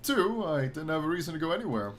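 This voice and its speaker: A man voicing a calm, matter-of-fact female robot shark while reading a text adventure aloud. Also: on the high side, fast, a little hiss or hum.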